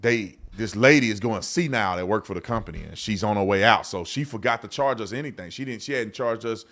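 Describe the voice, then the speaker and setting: A man, the host of a live show, telling a story in a casual, animated way and acting out the other people in it. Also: on the low side, fast. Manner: animated storyteller, acts out both sides of a phone call. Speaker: show host and business owner.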